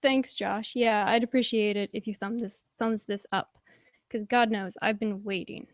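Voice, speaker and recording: A woman's voice: medium pitch, steady tone, moderate pace, no echo, studio quality. Profane, rambling woman livestreamer. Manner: profane, rambling, many "like"s and sighs. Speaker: YouTube livestream commentator reading chat. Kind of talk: casual livestream commentary. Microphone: desk microphone.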